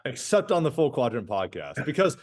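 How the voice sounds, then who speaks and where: A man's voice: mid-range voice, very animated, a little fast. A man co-hosting a podcast, chatting casually and animatedly, restarting sentences and tagging them with "right?". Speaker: podcast co-host.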